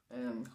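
A woman's voice: mellow, reverberant. Sleepy woman chatting while eating. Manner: drowsy, unhurried, talks between bites. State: tired and sleepy. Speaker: eating-show host. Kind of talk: casual mukbang chat.

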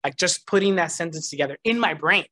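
A man's voice: fairly high pitch, fast talker. A man giving a personal testimony at church, telling his story with animation and frequent laughter. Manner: animated storytelling, laughs often, acts out voices in quotes.

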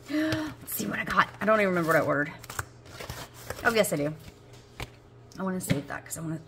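A woman's voice: mid-range voice, a bit bright, a little hiss or hum. A woman, chatting casually as she unboxes budgeting supplies, gasping and gushing. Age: 40s. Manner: gushing, gasps and squeals with delight. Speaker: budgeting video host.

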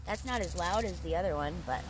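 A woman's voice: fairly low pitch, animated, fast, background noise. A woman with an Upper Midwest American accent, chatting casually outdoors while she fishes for her vlog, calling her viewers "dudes.". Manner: chatty, says "dudes" and "yo" a lot. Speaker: fishing vlogger. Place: outdoors by the water.

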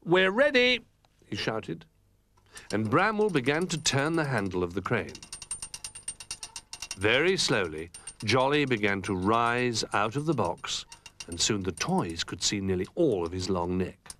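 Animated male storybook reader. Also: fairly low pitch, unhurried, slight background noise. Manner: expressive, animated. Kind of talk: children's storybook reading.

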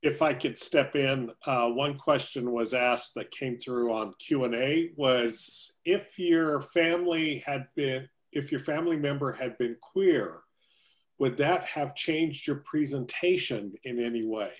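A man's voice: medium pitch, a little slow. A man moderating a webcast, politely stepping in to read an audience question. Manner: polite, steps in briefly.

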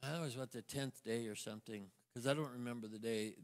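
Older male minister, halting storyteller, mid pitch, church reverb. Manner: storytelling, halting restarts, acts out quoted voices. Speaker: guest minister. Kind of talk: sermon testimony to a congregation. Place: church sanctuary. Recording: long church hall reverb.

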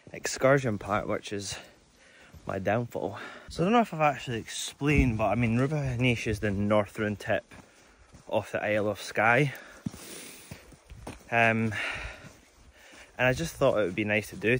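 A man talking casually to camera on a travel vlog, chatty and self-deprecating, on a hiking trail outdoors. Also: mid-range voice. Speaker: vlogger.

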